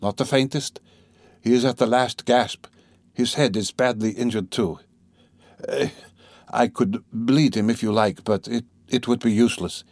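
A man's voice: mid-range voice, a little slow, no room sound. A man reading an audiobook voices a precise, mistrustful old doctor who speaks bluntly and matter-of-factly. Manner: blunt, matter-of-fact, hushed.

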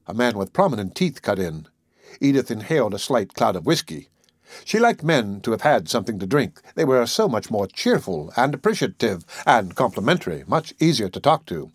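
A man narrating a story in an expressive, scripted reading. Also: on the low side, moderate pace, slightly rough, dry recording, clean studio sound.

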